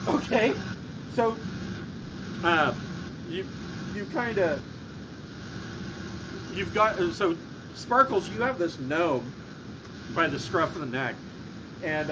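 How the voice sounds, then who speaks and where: A man's voice: a little high, drawn-out words, long pauses, noisy background. A man narrating a tabletop game as game master, hesitant, with many fillers and restarts. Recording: dull lo-fi audio.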